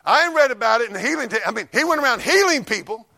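A man preaching a fiery sermon, telling folksy stories and swinging from low mutters to loud shouts. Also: sing-song, racing, creaky.

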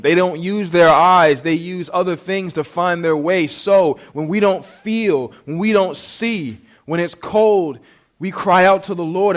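A man with a high voice delivers a sermon. He speaks earnestly and keeps asking the listeners direct questions. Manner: earnest, rising to impassioned pleading in quoted prayers. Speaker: preacher.

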